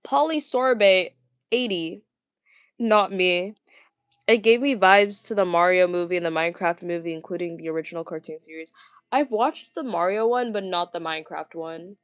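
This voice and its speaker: A woman's voice: fairly low pitch, normal speed, smooth, dry recording, clean studio sound. A woman vlogger in casual livestream chat, stuttering and stumbling over words with many fillers, gushing as she answers viewers. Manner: chatty, gushing. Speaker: vlogger reading viewer comments.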